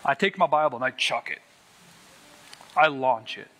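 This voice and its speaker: Earnest man telling a testimony, bright. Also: mid-range voice, animated, moderate pace. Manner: earnest, emphatic, repeats key words. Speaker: Christian sharing a testimony. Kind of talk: personal testimony storytelling.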